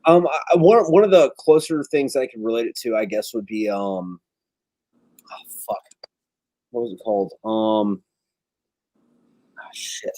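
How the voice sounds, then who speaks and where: A man's voice: fairly low pitch, fairly quick, few pauses, dark tone, no room sound. A man in casual chat, telling long rambling stories and swearing freely. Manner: rambling, profane storytelling.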